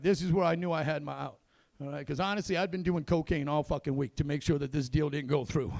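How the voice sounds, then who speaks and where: A man doing a stand-up comedy set on a club stage, telling a story that swings between loud bursts and low muttered asides. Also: gravelly, no echo.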